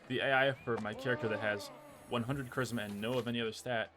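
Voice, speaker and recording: Excitable young man commenting on gameplay. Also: mid-range voice, quick pace. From United States. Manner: excitable, exasperated, says "bro" a lot. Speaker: gaming video creator. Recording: game music behind the voice.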